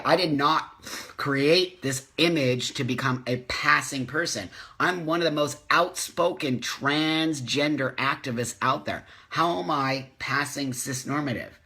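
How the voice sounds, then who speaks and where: A man's voice: mid-range voice, sharp tone. A middle-aged man hosting a live community video chat, talking casually and reading viewer comments, passionate and emotional as he rants. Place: home, live stream.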